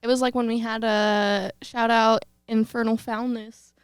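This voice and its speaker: A woman's voice: on the high side, flat delivery, clean tone, no echo, clean studio sound. A woman from rural Texas with a slight Texan accent, co-hosting a podcast and teasing her partner. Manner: teasing, quick to laugh. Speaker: podcast co-host. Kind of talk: casual chat.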